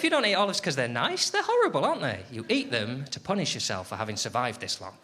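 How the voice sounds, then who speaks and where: A man's voice: on the high side, fast talker, few pauses. A man doing sardonic stand-up comedy, swearing freely and chatting with the crowd on a theatre stage. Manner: sardonic, lively, swears a lot, chats with the crowd. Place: theatre stage before a laughing audience. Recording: live show with loud crowd noise.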